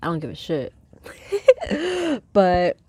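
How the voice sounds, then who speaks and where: A young woman vlogging casually by her chicken coop, rambling and swearing as she hushes her hens. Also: medium pitch, huge pitch swings, very slow, breathy edge. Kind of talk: casual chat while reading aloud. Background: faint chicken clucking.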